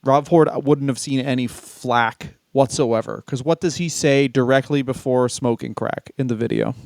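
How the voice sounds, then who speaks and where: Smooth-voiced joking man co-hosting. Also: mid-range voice, moderate pace, darkish tone, no echo, studio quality. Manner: profane, joking, laughs often. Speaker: comedy podcast co-host. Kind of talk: casual comedic chat.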